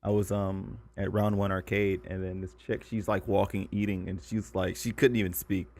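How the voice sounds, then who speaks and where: A man's voice: deep voice, little pitch movement, normal speed, a little mellow. A young man co-hosting a podcast, telling stories in casual chat, swearing and laughing often. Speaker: podcast co-host.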